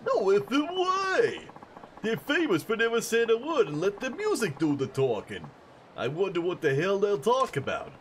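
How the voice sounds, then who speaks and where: A man voicing an excitable young punk fan of a rock band in a video game. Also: moderate pace, a little hiss or hum. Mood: excited. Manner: gushing, high and excitable.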